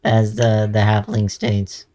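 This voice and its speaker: A man runs a tabletop game as its game master. He narrates scenes and prompts the players. He talks slowly and drops in amused asides. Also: fairly low pitch, little pitch movement, mellow. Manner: slow, laughing asides.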